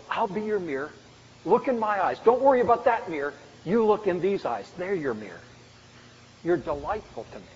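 A man preaches in a fairly high voice, earnest and measured as he reads stories aloud. His voice carries a long reverb from a church hall, and the recording is dull and lo-fi. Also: darkish tone. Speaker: pastor. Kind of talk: sermon.

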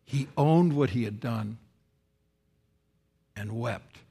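A male pastor delivers a sermon in a voice of middle pitch. He shifts his volume a lot, rising loud for emphasis and falling soft and solemn. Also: slow pace, vocal fry, breathy edge. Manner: expressive preaching, rising loud for quoted speech and dropping soft for solemn lines.

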